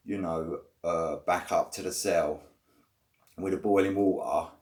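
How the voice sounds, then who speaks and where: A man's voice: low voice, steady tone, measured pace, a little mellow. A man, telling his own prison stories in loose, rambling casual talk, full of fillers and blunt swearing. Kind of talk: casual first-person storytelling.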